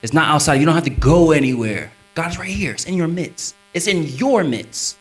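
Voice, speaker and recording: A man's voice: fairly quick, poor audio. A man talking on stage before an audience, preaching on scripture with a preacherly emphasis. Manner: lively, swinging pitch, preacherly emphasis.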